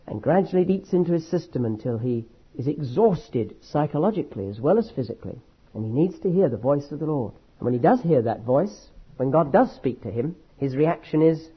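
A man preaching a sermon with an emphatic, dramatic delivery, slowing down to stress key words. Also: a little high, lively intonation, breathy edge. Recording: dull lo-fi recording.

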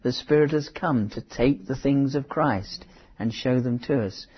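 Very husky male preacher. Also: mid-range voice. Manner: halting, with restarts and asides. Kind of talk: conversational Bible teaching. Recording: dull lo-fi sermon recording.

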